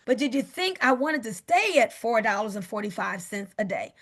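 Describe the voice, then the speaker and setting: Upbeat woman pitching on a video call, high voice with vocal fry. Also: very animated, normal speed, fairly bright tone. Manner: upbeat, repeats "guess what". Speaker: presenter on a sales call. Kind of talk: enthusiastic sales pitch.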